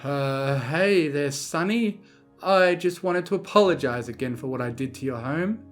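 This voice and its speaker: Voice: medium pitch, faint music behind, lightly acted. A narrator voicing a shy young male pony who speaks hesitantly. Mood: apologetic. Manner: hesitant and halting.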